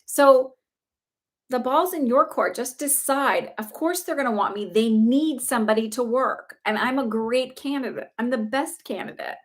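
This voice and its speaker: A woman's voice: high voice, normal speed. A young woman giving live psychic readings in a chatty, reassuring way, full of filler words. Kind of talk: casual livestream reading.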